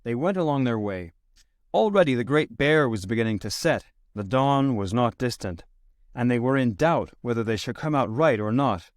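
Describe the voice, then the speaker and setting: A man narrating a classic short story as an audiobook reader, steady, lifting his voice for quoted lines. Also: medium pitch, normal speed, dry recording, studio quality. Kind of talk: scripted narration.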